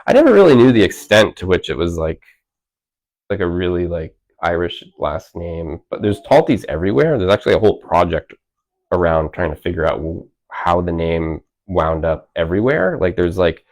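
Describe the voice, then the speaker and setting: A man's voice: deep voice, big pitch swings, normal speed, a little mellow, low-quality recording. A man in his thirties, an author talking casually at a library event, rambling with lots of filler words and restarts. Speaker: author guest. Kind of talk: casual conversation.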